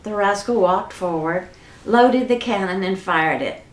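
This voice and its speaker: A woman reading a children's storybook aloud in an expressive, unhurried way. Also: medium pitch, echoey room.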